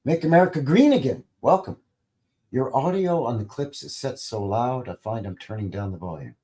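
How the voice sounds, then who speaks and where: Lively rambling male live-streamer. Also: lowish voice, moderate pace. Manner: rambling, greets and reads viewer comments; jokey and informal, swears lightly. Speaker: livestream host. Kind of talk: casual live-stream chat.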